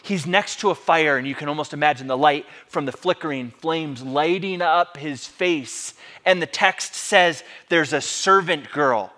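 A man's voice: on the high side, unhurried, pushed and bright. A male pastor giving a sermon in a conversational, dramatic storytelling way.

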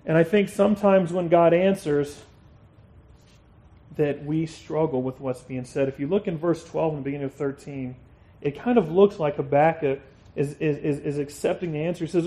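A man preaching a sermon in an earnest way, reading scripture with emphasis and dropping to a quiet tone for reflection. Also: a little high, moderate pace. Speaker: pastor.

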